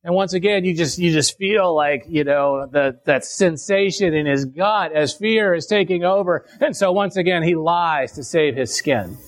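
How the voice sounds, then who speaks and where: A male preacher with a notably high voice delivers a sermon. He reads scripture and then unpacks it with casual asides, often restarting or repeating words. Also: moderate pace, vocal fry, few pauses.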